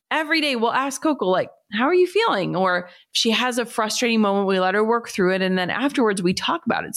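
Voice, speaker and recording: Earnest woman in her 30s, podcast host, casual monologue, mid-pitched voice. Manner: earnest, frequent "like" fillers, lively quoted voices.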